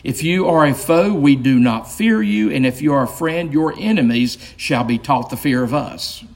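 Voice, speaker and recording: A man voicing a small, proud talking mouse knight with a shrill, piping voice and bold, formal speech. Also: normal speed, gravelly. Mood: defiant.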